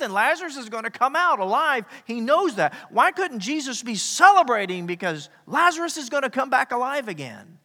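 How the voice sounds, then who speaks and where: A male pastor preaching a sermon, animated, swinging from loud emphasis to near-whispers. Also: extremely high pitch. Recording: echoey hall reverb.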